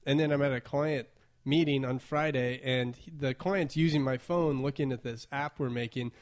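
A man's voice: mid-range voice, fairly even intonation, moderate pace. A man co-hosting a podcast, telling chatty anecdotes in casual conversation. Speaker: podcast co-host. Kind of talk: casual chat.

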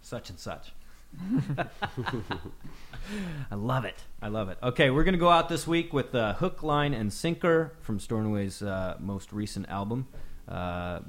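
A man's voice: fairly low pitch, lively intonation, a little slow, pauses often. A man hosting a radio show, chatting casually, laughing often and repeating his words. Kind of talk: casual interview chat.

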